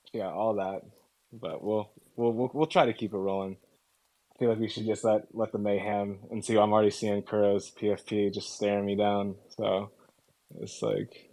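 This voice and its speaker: Laid-back man with a low voice. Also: warm tone, poor audio. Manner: laid-back, easygoing drawl. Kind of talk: casual chat on a live audio space.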